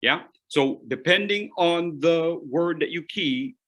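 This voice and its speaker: This public speaking coach is a man with a fairly high voice, teaching in an online workshop. His style is playful, punctuated by dramatic pauses and swings from loud to soft.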